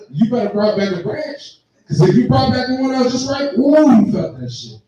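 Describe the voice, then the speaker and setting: A man's voice: extremely high pitch, lively intonation, brisk, dark tone, dull audio. A young man in his twenties doing a profane stand-up set, laughing along as he tells his stories. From Texas. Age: 20s. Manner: profane, storytelling, laughing at own jokes. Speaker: stand-up comedian. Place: live comedy venue with audience. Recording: echoey room, far mic, crowd. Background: audience reactions.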